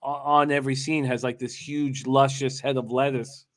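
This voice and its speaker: A man's voice: mid-range voice, little pitch movement, normal speed. A young man co-hosting a live betting watch party in casual chat, rambling with many fillers and restarts.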